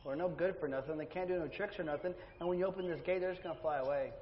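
A man's voice: a little high, very fast, a little hiss or hum, lightly acted. An actor playing a cocky, careless boy who keeps caged wild birds, talking flippantly and haggling, on a dull echoey hall recording with music.

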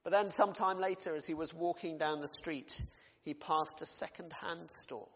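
A man's voice: on the high side, normal speed. A male pastor preaching, telling a story expressively and dramatically as a sermon illustration. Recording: dull recording in a reverberant hall.

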